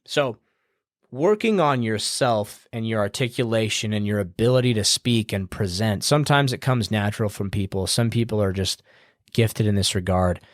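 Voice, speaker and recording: A man's voice: fairly low pitch, moderate pace, no room sound, clean studio sound. A man hosting a podcast, giving casual advice in a loose, rambling way with fillers and the odd swear word, in an upbeat, smiling tone. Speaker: podcast host.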